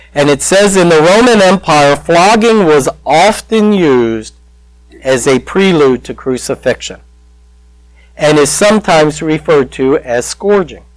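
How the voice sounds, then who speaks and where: Man preaching a sermon, slow and emotional with dramatic pauses; dry, close mic. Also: medium pitch, dry recording, rough recording.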